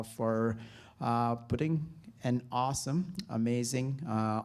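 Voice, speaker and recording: A man's voice: fairly low pitch, darkish tone. A man who is president of a sports federation, giving an upbeat, loosely worded welcome speech with many fillers.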